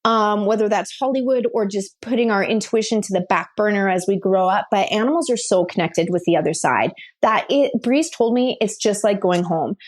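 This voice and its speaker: A woman guest on a podcast, telling stories in a lively, casual way. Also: medium pitch. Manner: animated, quick-shifting storyteller. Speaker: guest, pet communicator and medium.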